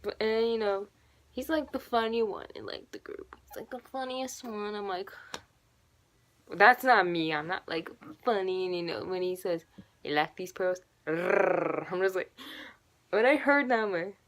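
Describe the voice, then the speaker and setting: A woman's voice: medium pitch, moderate pace, fairly bright tone. A young woman in her teens rambling and gushing in a casual fan vlog, full of fillers and asides. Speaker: YouTuber.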